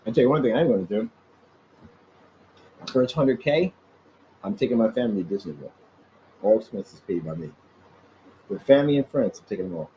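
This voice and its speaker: A man talking straight into the camera in his office with a lively voice that swings up and down, rambling and combative as he taunts his critics. His tone is mellow and dark, and there is a faint hiss of background noise behind him. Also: lowish voice, fairly quick, long pauses, rough recording. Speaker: small business owner vlogging. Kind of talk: casual off-the-cuff vlog rant. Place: office indoors.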